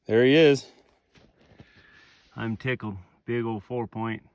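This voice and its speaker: A man telling his hunt story outdoors in remote mountain country, excited and emotional, swearing freely in casual vlog talk. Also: medium pitch, slow, dry recording, muffled recording. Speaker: hunter filming himself.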